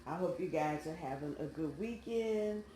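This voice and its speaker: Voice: medium pitch, lively intonation, moderate pace, dark tone, a little hiss or hum. A tarot reader chatting casually and colloquially to viewers while laying out cards. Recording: roomy sound, faint background music.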